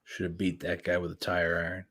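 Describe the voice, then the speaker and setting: A brash man co-hosting a casual talk podcast, joking around and throwing out exaggerated threats. His voice sits a little low for a man. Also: monotone, normal speed, a bit bright, slightly rough. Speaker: podcast co-host. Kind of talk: casual chat.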